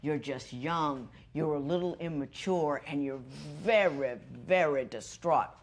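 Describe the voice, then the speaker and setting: A middle-aged woman judge on a courtroom show, firmly lecturing and advising the couple, moving between stern and gentle. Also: deep voice, measured pace. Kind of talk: courtroom ruling and advice.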